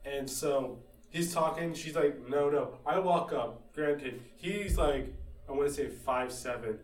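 A man's voice: on the high side, measured pace, recorded from a distance. A man on a casual podcast chat, telling stories in an easygoing, laid-back way. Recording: echoey room, away from the mic.

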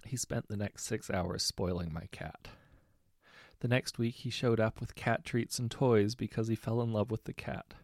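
Male storyteller with a raspy, fry-edged voice, easygoing delivery, dry booth-like recording. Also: lowish voice, moderate pace, no room sound. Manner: relaxed, conversational storytelling with self-corrections. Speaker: story narrator. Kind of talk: reading short anecdotes aloud.

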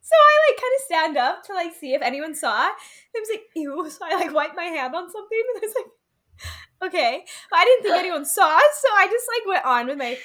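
A woman's voice: very high voice, big pitch swings, a little fast, sharp tone. A young woman co-hosting a podcast, telling stories in casual chat, giggly and full of "like"s. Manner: giggly storytelling, many "like"s. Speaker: podcast co-host.

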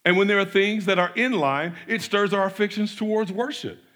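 A man preaching a sermon as pastor, animated, with repeated restarts, often acting out quoted voices. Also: high-pitched, a little fast.

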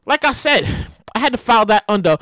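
A woman giving comedic commentary, animated and incredulous, exclaiming and laughing. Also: a little high, fast, no echo.

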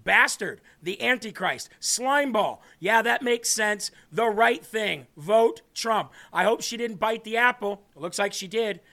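Casting: American male host, very high bright voice with a gravelly edge, animated ranting delivery. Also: unhurried, few pauses. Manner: animated, preachy ranting with mock taunting asides. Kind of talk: live political commentary show.

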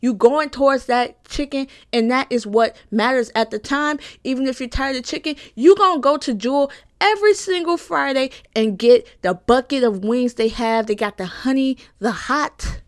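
A woman's voice: high voice, normal speed, few pauses. A young woman giving an emphatic, satirical personal monologue, repeating lines for punch and swearing freely. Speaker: comedic commentator.

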